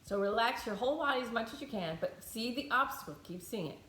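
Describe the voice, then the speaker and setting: A woman's voice: on the high side, animated, fast talker, a bit bright. A woman leading a guided tapping meditation, talking bluntly, swearing freely and thinking aloud as she works through her own feelings. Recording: echoey room.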